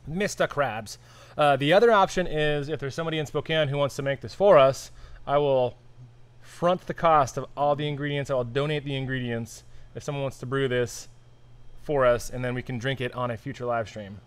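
A man's voice: mid-range voice, steady tone, brisk, smooth. A man co-hosting a brewery live stream in casual chat, joking and thinking aloud with plenty of fillers.

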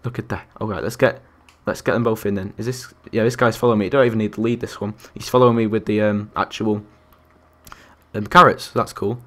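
Excitable young gamer. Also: male voice, lowish voice, a little fast. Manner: excitable, chatty, talks to animals and viewers. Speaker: gaming YouTuber. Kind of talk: Minecraft let's-play commentary.

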